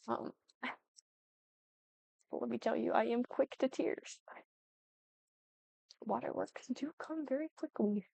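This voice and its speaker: A woman's voice: fairly high pitch, slow, gravelly, long pauses, mellow, no echo. A young woman chatting casually as she builds in a life-sim game, thinking aloud and often apologizing. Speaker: Sims building YouTuber. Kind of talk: casual gameplay commentary.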